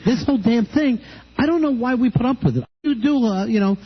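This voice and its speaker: Extremely high-pitched and a little fast, this man's breathy voice carries his radio show banter. He spins wry stories and impersonates the callers he talks about, in dull lo-fi broadcast sound.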